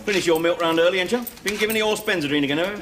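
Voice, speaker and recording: A man's voice: high-pitched, racing, natural voice. An actor playing a sardonic middle-aged ex-convict father, wisecracking and dry. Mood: teasing. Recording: noisy old TV sitcom recording.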